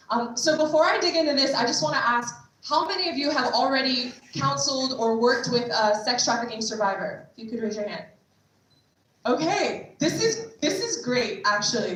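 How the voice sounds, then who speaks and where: High-voiced woman in echoey hall. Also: fairly bright tone. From United States. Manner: chatty, often acting out quoted dialogue. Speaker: trauma care trainer and street outreach worker. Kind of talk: conversational training talk to a group. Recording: echoey hall from far off, faint noise.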